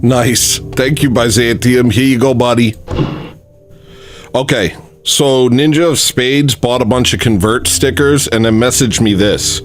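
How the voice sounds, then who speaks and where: A man's voice: medium pitch, a little slow, faint music behind. Rambling, self-deprecating male livestream host. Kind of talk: casual chat, trying out jokes.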